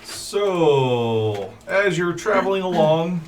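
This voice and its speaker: A man narrating a tabletop game as game master in a relaxed, halting way with fillers. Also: fairly high pitch. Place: room at a gaming table. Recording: roomy audio from far off with faint hiss.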